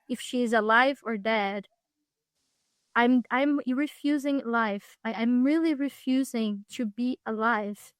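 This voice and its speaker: A young woman with a fairly high voice speaks reflectively as a podcast guest. She pauses often and restarts her phrases while she searches for words. The sound is close and dry. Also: smooth, no room sound. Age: young adult. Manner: thoughtful, halting, frequent restarts. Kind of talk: reflective personal storytelling.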